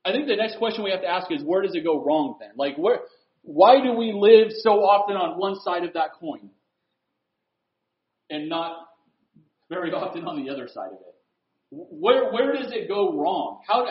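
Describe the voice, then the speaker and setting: Animated high-voiced male preacher. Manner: animated preaching, swings from loud to hushed. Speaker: pastor. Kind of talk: sermon. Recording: echoey room, dull lo-fi sound.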